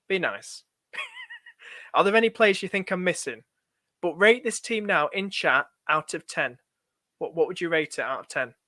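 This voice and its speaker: A man's voice: high-pitched, wildly swooping pitch, unhurried, long pauses, pushed and bright, no echo, studio quality. A young man on a live stream, thinking aloud in a chatty, anxious way and talking to his viewers. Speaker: fantasy football streamer.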